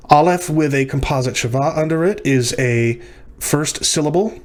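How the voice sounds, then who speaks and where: A man's voice: fairly high pitch, moderate pace. A man teaching a lecture on syllabification, working through words methodically and correcting himself as he goes. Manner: methodical, self-correcting explanations.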